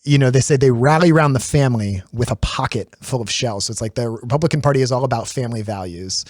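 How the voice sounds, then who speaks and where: A man in his thirties talks quickly and loosely as a podcast host, trading stories in relaxed conversation. His voice sits at a middle pitch, and the recording is dry and close, with no room sound. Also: no room sound. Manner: lively, many fillers and restarts, laughs easily. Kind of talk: casual conversation.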